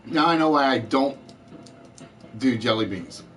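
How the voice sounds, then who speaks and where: A man's voice: medium pitch, expressive, measured pace, a bit bright, soft background music, poor audio. A man with a Southern US accent hosting a live-streamed trivia game show, chatting with viewers and answering their comments as he goes.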